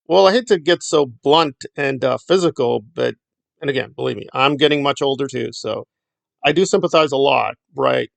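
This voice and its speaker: A man's voice: mid-range voice, normal speed, gravelly, no echo. A middle-aged man giving blunt, sarcastic commentary in a rambling vlog. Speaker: YouTube commentator.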